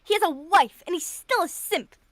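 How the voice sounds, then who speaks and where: A woman's voice: extremely high pitch, lively intonation, normal speed, a bit bright. A woman streamer in casual banter, foul-mouthed and mocking.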